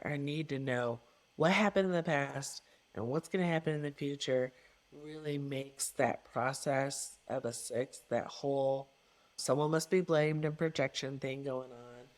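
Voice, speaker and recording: Earnest, emphatic middle-aged woman. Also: rumbling low. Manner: earnest and emphatic, with repeated phrases. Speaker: podcast guest, coach. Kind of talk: reflective interview conversation.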